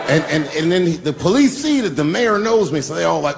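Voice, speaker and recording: A man telling a profane, animated stand-up story and acting out the people in it. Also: on the high side, fast, creaky, in a large hall, slight background noise. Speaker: stand-up comedian.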